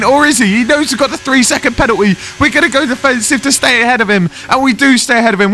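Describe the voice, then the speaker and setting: A man commentating his own racing game play-by-play in an excitable, fast-moving way. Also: extremely high pitch. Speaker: gaming YouTuber commentating his own race. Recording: faint game music behind.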